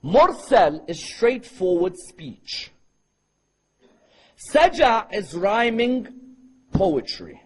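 A man preaching to a live audience, quizzing them with rhetorical questions and chanting Arabic verses quickly. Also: high voice, very animated, slightly rough, low-quality recording. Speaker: Islamic preacher. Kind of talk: sermon.

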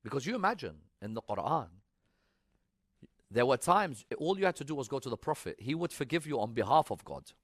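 A man preaching a sermon, moving between loud, urgent exhortation and soft, intimate storytelling, and reciting Arabic scripture in a quick chanting lilt. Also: medium pitch, very animated, dry recording, clean studio sound. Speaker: religious preacher.

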